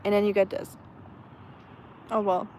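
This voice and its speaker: A woman's voice: medium pitch, little pitch movement, measured pace, dark tone, slight background noise. A woman from Germany with a German accent, casually chatting and answering viewers' comments on an outdoor live stream, with many fillers and restarts. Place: outdoors on a sunny day.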